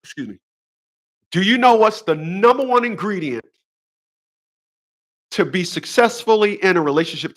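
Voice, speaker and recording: A man's voice: sits high, fairly bright tone. A man hosting a relationship advice show, delivering a preachy solo monologue full of repeated rhetorical questions and emphatic short phrases.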